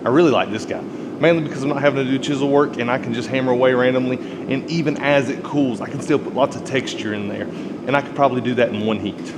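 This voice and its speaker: A man giving a relaxed, chatty, encouraging blacksmithing demonstration in his workshop, laughing easily as he explains. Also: mid-range voice, fast talker. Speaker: blacksmith instructor. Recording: long reverb with loud air conditioning and vehicle noise.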